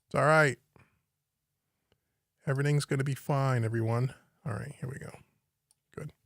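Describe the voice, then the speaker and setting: A man's voice: medium pitch, steady tone, moderate pace, gravelly, a bit bright, dry recording. Man thinking aloud in a dry studio. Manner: thinking aloud, musing and puzzling over the screen. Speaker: home recording teacher. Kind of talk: live-stream software walkthrough. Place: home studio.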